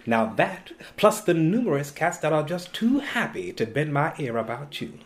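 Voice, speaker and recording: A man's voice: fairly high pitch, very animated, moderate pace, pitched above the performer's own voice. A man playing a stern man calling out a thief. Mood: accusing. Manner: accusing, forceful. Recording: roomy echo.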